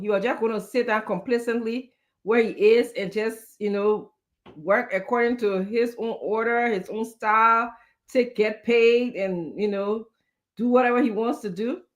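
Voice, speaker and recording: A woman, a guest giving measured political commentary on a talk show. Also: a little high, fairly even intonation. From Liberia.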